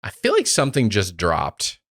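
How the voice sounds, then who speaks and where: A man's voice: lowish voice, wildly swooping pitch, normal speed, fairly bright tone, no echo. A man co-hosting a podcast in casual chat, with dry, wry humor. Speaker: guest co-host.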